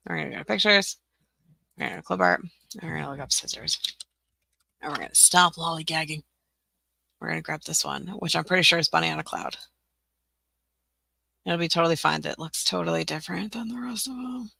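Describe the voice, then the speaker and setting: A woman's voice: lowish voice, normal speed, creaky, long pauses, pushed and bright, no room sound. A young adult woman hosting a casual live-stream tutorial, chatting to herself as she works, joking at her own expense and laughing often. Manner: chatty, self-mocking, talks to herself while working, laughs often. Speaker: teacher-resource creator hosting a live stream.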